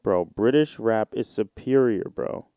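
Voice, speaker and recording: A man's voice: lowish voice, lively intonation, a little slow, warm tone, dry recording, clean studio sound. A man in his twenties from the United States, hosting a solo podcast in a loose, rambling, profane chat. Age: 20s. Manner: rambling, loose and profane, with many fillers and restarts. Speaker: podcast host.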